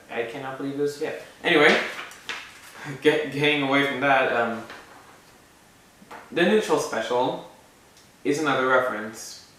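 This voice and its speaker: A man's voice: mid-range voice, bright, forceful tone. A man casually explaining a fan moveset idea in a rambling way, with frequent asides and self-corrections. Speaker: video maker presenting a fan moveset idea. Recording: very echoey room, mic far off.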